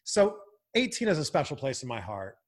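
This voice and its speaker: A man from Canada who hosts and chats casually, animated and quick to laugh, with lots of fillers. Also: mid-range voice. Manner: animated, laughs often, chatty with many fillers. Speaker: broadcaster and host. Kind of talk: casual podcast chat.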